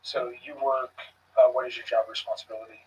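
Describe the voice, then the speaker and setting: A man questioning someone in a recorded police interview, calm and measured with frequent pauses. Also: medium pitch, slight background noise. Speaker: police investigator. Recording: muffled, distant room recording.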